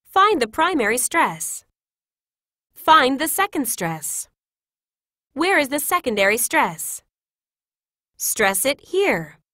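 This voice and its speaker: Woman, scripted classroom phrases, higher voice with lively ups and downs, dry close sound. Measured, clear delivery. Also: no echo. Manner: clear, measured, each phrase read separately. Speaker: English teacher reading classroom phrases.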